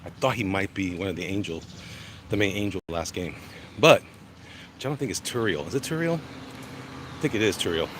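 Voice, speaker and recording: A man with a low-pitched, animated voice speaks at a moderate pace, pausing often, as he vlogs on foot through urban streets. Chatty and easily distracted, he rambles in this casual monologue despite a chest congestion and sore legs, with loud traffic and street ambience behind him.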